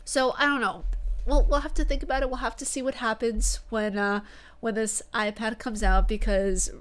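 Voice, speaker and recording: A woman with a New York accent chatting casually to her gaming channel, sassy and rambling, often correcting herself mid-sentence. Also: mid-range voice. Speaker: gaming YouTuber. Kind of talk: casual vlog chat.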